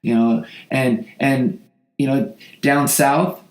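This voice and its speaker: A man's voice: medium pitch, steady tone, slow pace. Man coaching players in an echoey room. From Oregon. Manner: direct, instructive, with frequent restarts. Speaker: football coach, podcast host. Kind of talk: motivational talk to players.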